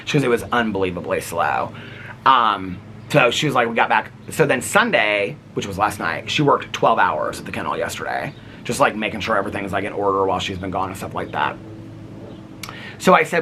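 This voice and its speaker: A man chatting casually in a daily vlog, rambling and animated with lots of filler words. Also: fairly low pitch, fairly quick, slight background noise. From United States. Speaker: vlogger.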